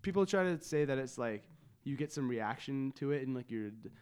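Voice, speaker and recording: A man's voice: medium pitch, expressive, a little fast, a little mellow, clean tone. A young man co-hosting a podcast in casual chat, rambling with lots of fillers. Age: young adult. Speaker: podcast co-host.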